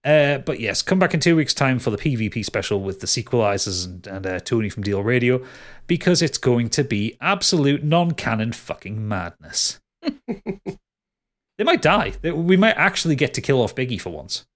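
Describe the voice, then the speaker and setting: Lively game master rambling. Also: male voice, medium pitch, a little fast. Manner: rambling, laughing, swears casually. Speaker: game master and podcast host. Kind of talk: casual podcast outro and plugs.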